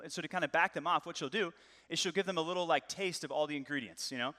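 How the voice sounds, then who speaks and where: Bright-voiced man preaching a lively sermon. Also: on the high side, racing. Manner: lively, joking and conversational. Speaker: pastor. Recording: long hall reverb.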